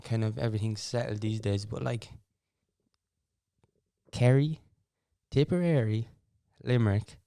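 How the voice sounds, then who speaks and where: A man's voice: medium pitch, a little mellow, clear, resonant tone. A young Irish man hosting a podcast, telling stories in a rambling, casual way with wry asides and frequent restarts. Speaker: podcast host. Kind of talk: casual storytelling chat.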